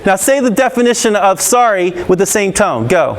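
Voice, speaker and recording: A man's voice: sits high, very animated, moderate pace. A man giving an interactive anti-bullying talk to a school audience, asking questions and laughing often. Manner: engaging, peppers the audience with questions; laughs often and acts out scenes.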